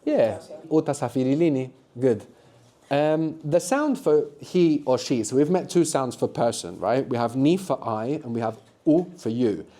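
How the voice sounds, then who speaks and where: A man with a mellow, medium-pitched voice speaks in an animated but unhurried way. He's running a live language workshop for university students in a lecture room, prompting them patiently with questions and answers.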